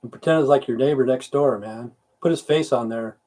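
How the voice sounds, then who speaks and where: Reading his viewers' comments aloud, a middle-aged veteran running a casual livestream answers with rambling, cursing grumbles. His voice has a warm tone at medium pitch, and he talks fairly quickly.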